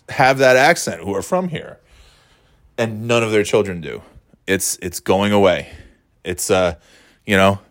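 Brief: low-pitched man, rambling and profane, casual host monologue. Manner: profane, rambling, self-correcting.

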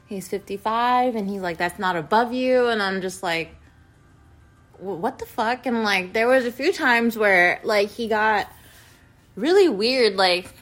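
A young woman vlogger telling a personal story in a rambling, casual way, filling every pause with "like" and speaking bluntly with plenty of swearing. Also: medium pitch, fairly bright tone, faint music behind. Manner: rambling, heavy use of "like", blunt and profane.

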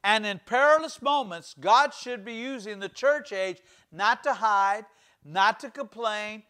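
A man's voice: high-pitched, unhurried, sharp tone, clean tone. A middle-aged male pastor preaching a fervent sermon, acting out the voices of scripture as he goes.

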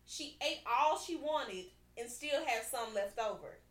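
A woman podcast host with a high voice in a roomy, echoing space. She talks in an animated, chatty way, repeats herself for emphasis and keeps checking in with her listeners while she reads and discusses scripture. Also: unhurried. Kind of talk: casual chat with scripture reading.

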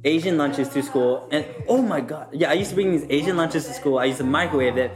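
Young male podcast co-host, slightly high voice, lively storyteller who swears freely, recorded in a reverberant room. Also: brisk, over music. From Texas. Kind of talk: casual chat. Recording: echoey room.

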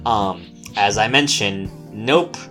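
Low-voiced man rambling through a game recap. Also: takes it slowly, pushed and bright, faint music behind. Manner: rambling, filler-heavy storytelling with casual swearing. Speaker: game master. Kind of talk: casual podcast recap of a tabletop game.

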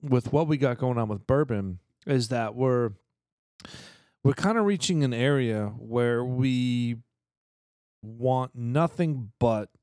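A man's voice: mid-range voice, takes it slowly, a little mellow, clear, resonant tone, dry recording, studio quality. Rambling, swearing man telling stories. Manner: rambling storyteller, swears casually, many restarts. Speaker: podcast co-host. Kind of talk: casual chat.

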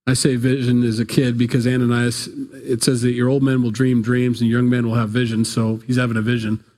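Speaking a little fast with a medium pitch, flat delivery and a slightly mellow tone, this pastor gives a conversational sermon. He tells the story casually, tossing in playful asides and voicing biblical characters in a playful way.

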